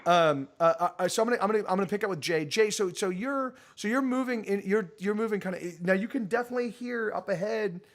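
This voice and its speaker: A man narrating as game master for a tabletop game, talking in halting bursts full of restarts. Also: high voice.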